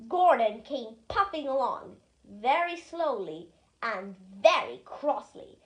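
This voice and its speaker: A reader giving a lively, expressive storybook reading aloud. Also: sits high, slow pace.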